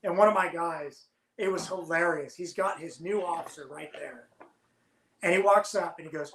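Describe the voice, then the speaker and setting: A man, a former submarine officer, telling lively stories as a podcast guest and laughing often. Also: on the high side, normal speed, reverberant, low-quality recording. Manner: animated storyteller, laughs while telling. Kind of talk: storytelling in casual podcast chat.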